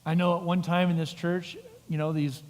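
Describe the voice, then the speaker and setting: A middle-aged male pastor delivers a lively sermon, acting out the characters in the story as he goes. His voice sits high for a man. The sanctuary adds a long, ringing reverb. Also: normal speed. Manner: animated storytelling with acted-out voices. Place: church sanctuary.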